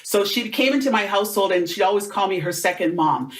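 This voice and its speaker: A middle-aged woman, a motivational speaker, telling stories in an animated, conversational way during an interview. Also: mid-range voice, fairly quick. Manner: animated, acts out quoted voices.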